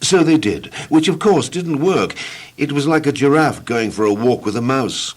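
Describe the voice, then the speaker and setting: A man narrating a children's storybook tape, playful and expressive, slowing down for effect. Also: medium pitch.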